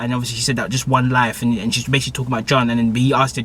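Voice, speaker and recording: A man's voice: mid-range voice, rapid-fire, few pauses, sharp tone. A young man, recapping a TV episode in casual, rambling slang. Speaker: TV episode reviewer.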